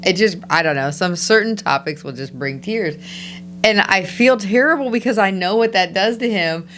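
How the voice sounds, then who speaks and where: A woman's voice: medium pitch, moderate pace, fairly bright tone. Female co-host, candid storyteller, mid-range voice, light hum under it. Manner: candid, storytelling, laughs easily. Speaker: podcast co-host. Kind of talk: casual chat.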